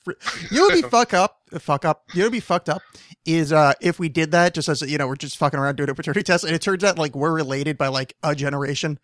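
A man's voice: on the high side, fast talker, a bit bright, dry recording, studio quality. Profane rambling man with a strained voice. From New Jersey. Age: 30s. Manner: rambling, profane, laughs often. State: losing his voice. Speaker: podcast host. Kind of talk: casual podcast chat.

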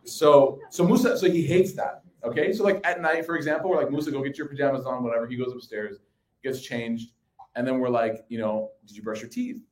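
A man in his thirties giving a sermon to a live audience, telling personal stories in a conversational, animated way. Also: medium pitch, fairly quick. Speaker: religious speaker. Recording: echoey room.

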